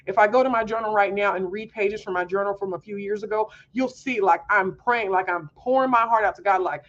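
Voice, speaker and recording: A woman's voice: mid-range voice, a little fast, highs cut off. A woman hosting a homeschool mom podcast, talking earnestly in a candid personal monologue, confiding and full of fillers.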